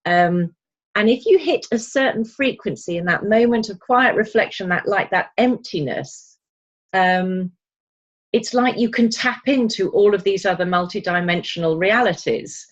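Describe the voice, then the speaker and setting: A woman's voice: mid-range voice, a little slow. A woman co-hosting a spiritual chat podcast, talking in a chatty, reflective way. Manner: chatty, reflective, with folksy asides. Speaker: podcast co-host. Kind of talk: casual chat. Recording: slightly dull lo-fi audio.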